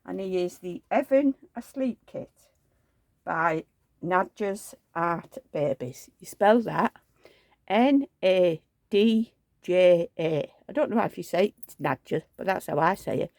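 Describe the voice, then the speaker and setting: A woman's voice: on the low side, expressive, a little slow, vocal fry, no room sound. A woman, rambling through homely anecdotes in a chatty vlog and acting out the dialogue. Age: 70s. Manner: rambling anecdotal storytelling, acts out quoted dialogue. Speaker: reborn doll collector.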